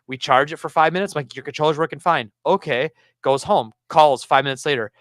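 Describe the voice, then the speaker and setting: A man hosting a casual podcast, telling a story about his game store with lively acted-out quotes. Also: on the high side, fast, few pauses, no room sound, clean studio sound. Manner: animated storyteller, acts out customers.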